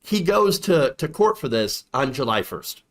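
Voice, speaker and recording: An indignant man delivers online political commentary with a sarcastic edge. His pitch swings widely as he talks. He circles back on his points, repeating phrases for emphasis. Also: sing-song, measured pace.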